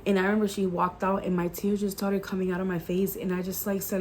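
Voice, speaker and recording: A woman's voice: mid-range voice, flat delivery, fast talker, hardly any pauses, a little mellow, slight background noise. Earnest woman sharing a faith testimony. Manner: earnest and emotional, many "like" fillers; mixes in Spanish phrases. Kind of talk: casual testimony storytelling.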